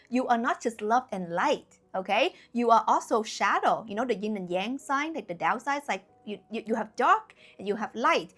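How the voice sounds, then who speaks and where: A woman's voice: fairly high pitch, slightly rough. A young woman talking casually and bluntly to camera as a spiritual YouTuber, emphatic, with lots of fillers. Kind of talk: casual direct-to-camera talk.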